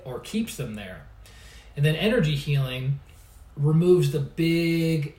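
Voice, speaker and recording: A man's voice: fairly high pitch, darkish tone. Male healer-coach, casual storyteller, lightly raised voice, echoey far-off recording. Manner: chatty, laughs often, restarts phrases. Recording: roomy sound, mic at a distance.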